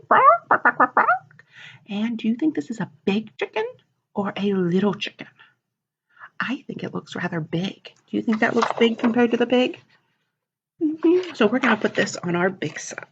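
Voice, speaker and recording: Lady librarian doing kids storytime, bouncy pitch, gravelly husky voice, muffled lo-fi sound. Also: normal speed, pauses often. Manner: animated, asks children questions. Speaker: children's librarian. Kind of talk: children's storytime reading. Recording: dull lo-fi recording.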